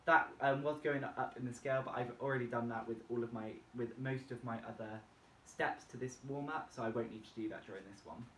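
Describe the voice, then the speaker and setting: A man presenting a vocal warm-up tutorial and explaining each step plainly. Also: medium pitch, a little fast, slight background noise. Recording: echoey room, distant mic, faint music. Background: faint backing music from a laptop.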